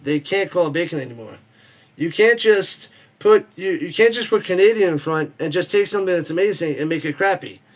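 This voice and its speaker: A man hosting a football watch party stream, chatting casually, joking, reading viewer messages and calling the plays. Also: a little high. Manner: rambling, joking, reads chat messages aloud. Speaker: watch party host and play-by-play caller. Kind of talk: casual live-stream chat with play-by-play.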